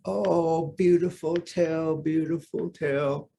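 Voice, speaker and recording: A vain, greedy male bear from a folk tale, eager and blurting, as a storyteller puts him on. The voice is raised and gravelly. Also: a little high, level tone, slow pace, warm tone, slight background noise. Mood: adoring.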